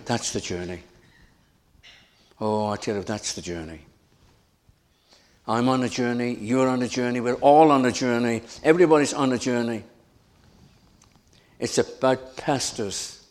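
Slow, earnest male pastor preaching. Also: mid-range voice. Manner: earnest, repeats phrases, stammers on restarts. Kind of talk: sermon.

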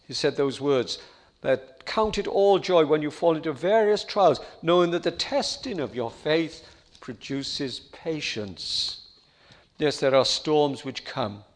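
A middle-aged man preaching a sermon, earnest and rising to fervent appeals. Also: medium pitch.

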